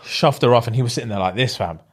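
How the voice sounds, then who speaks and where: Young dude telling a story on a pod, mid voice, slangy, does all the voices. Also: male voice, mid-range voice, fast talker, breathy edge. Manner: animated, slangy, acts out quotes. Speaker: podcast co-host. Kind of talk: casual storytelling chat.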